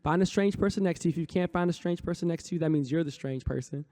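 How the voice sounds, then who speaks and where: This poet and rapper has a high-pitched, mellow voice and talks fast. Delivering a motivational speech from a conference stage in rhythmic bursts, he gets the crowd to repeat affirmations back to him.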